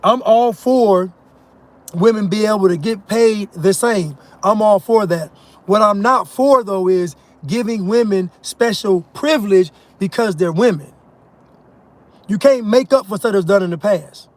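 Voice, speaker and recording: High-voiced man in a mocking rant. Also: unhurried. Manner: emphatic, mocking, laughs at his own points. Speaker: commentator. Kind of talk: ranting monologue.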